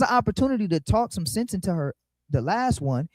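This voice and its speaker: Emphatic preacher with a lilt. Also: male voice, very animated, darkish tone, dry recording. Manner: emphatic, rhythmic, dips low and slow to stress. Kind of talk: sermon, Bible study commentary.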